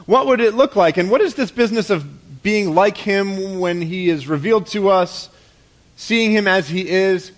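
Speaking at a moderate pace, this slightly high-voiced man preaches a sermon as a pastor. He poses rhetorical questions and lets his phrases fall off softly, keeping the tone conversational.

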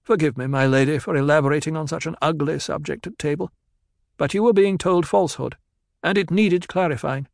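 Man doing a calm, lecturing desert ecologist. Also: fairly high pitch, creaky, dry recording, studio quality, voice pushed up. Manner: lecturing, cool and measured.

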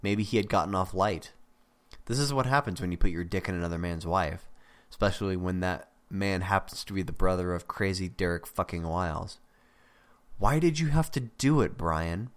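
Brief: male audiobook narrator, lowish voice, steady storytelling. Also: brisk, smooth. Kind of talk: scripted narration.

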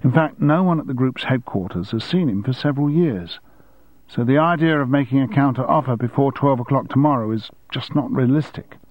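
A man voicing an efficient young woman assistant who reports facts briskly and precisely. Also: medium pitch, no room sound, muffled recording, pitched above the performer's own voice, lightly acted. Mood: matter-of-fact.

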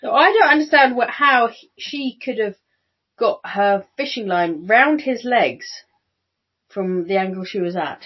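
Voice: mid-range voice, lively intonation, measured pace, husky. A co-host on a casual film podcast who recaps the plot and asks easygoing questions. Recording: dull home recording.

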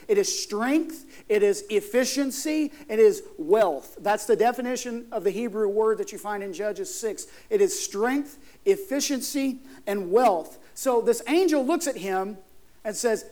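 A man's voice: high-pitched, moderate pace, a little mellow. A man preaching a sermon in a conversational, emphatic way, putting questions to his congregation. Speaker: pastor.

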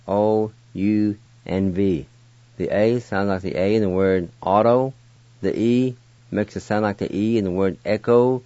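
A man's voice: lowish voice, a little mellow, no echo. A man teaching words on a radio show, spelling them out letter by letter in a patient, encouraging way. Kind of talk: slow spelled-out word lesson. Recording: dry, dull lo-fi radio sound.

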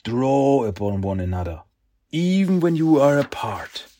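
Guy reading a wise old rat master spirit, soft and slow, kinda low and quiet, like a comic being read aloud. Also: very animated. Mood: tender. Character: wise elderly male rat sensei spirit, gentle and loving.

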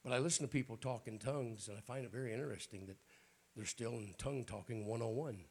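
A fast-talking middle-aged man with a medium-pitched, hoarse, raspy voice delivers an informal Pentecostal sermon in a church. Frequent throat-clearing punctuates his folksy jokes aimed at the congregation.

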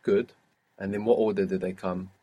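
A man's voice: sits low, level tone, moderate pace, mellow, slightly rough. A man teaching a language lesson, patiently prompting a learner and confirming her answers.

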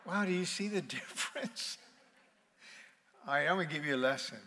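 A man's voice: a little high, animated, moderate pace, pushed and bright, long reverb tail, a little hiss or hum. A man preaching a sermon as pastor, playful and calling on his congregation to answer back. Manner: playful, calls on the congregation to respond. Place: large auditorium with balcony.

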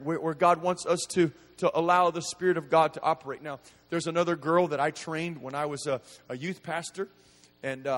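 A middle-aged man preaching a sermon, telling a folksy story that rises into fervent emphasis. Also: a little high. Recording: long reverb in a large room.

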